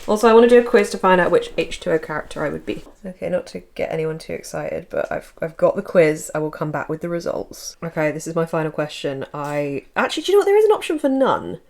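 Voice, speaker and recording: A woman's voice: deep voice, animated, quick pace, vocal fry, few pauses, darkish tone. A young woman from England chatting casually as she films a holiday cottage. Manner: chatty, self-deprecating, filming as she walks around. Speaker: vlogger. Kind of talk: casual chat.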